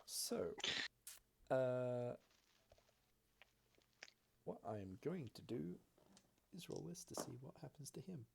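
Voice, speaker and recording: A man as game master, narrating a tabletop game in steady description with frequent fillers. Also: medium pitch, slow pace, vocal fry, pauses often, slight background noise.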